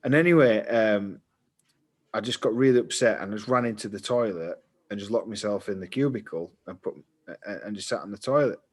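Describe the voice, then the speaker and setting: A man, co-hosting a casual podcast chat and telling stories in an animated way, laughing easily. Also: fairly low pitch, a little fast, husky. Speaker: podcast co-host.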